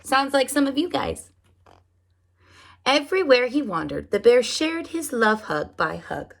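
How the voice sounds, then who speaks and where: Preschool teacher lady reading a picture book, lively swoopy voice with some gravel. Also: high voice, unhurried. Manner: animated, asks children questions. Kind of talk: storybook read-aloud for children.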